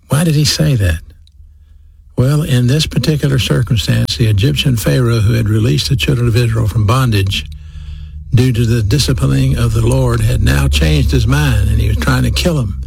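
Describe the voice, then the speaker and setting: Husky gravelly man preaching a sermon. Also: mid-range voice, darkish tone, no room sound. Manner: slows and stresses key phrases, repeats for emphasis.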